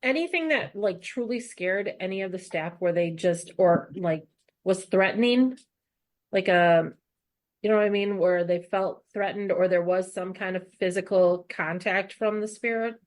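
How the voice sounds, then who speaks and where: A woman's voice: mid-range voice, moderate pace, a little mellow. A woman hosting a casual podcast interview, asking curious, probing questions.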